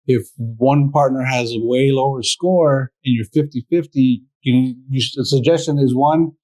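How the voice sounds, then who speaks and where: A male podcast host with a middle-pitched voice keeps the interview moving. He affirms what his guest says and sums up the advice for his listeners. The sound is dry and close to the mic. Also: steady tone, measured pace, darkish tone, dry recording, low-quality recording.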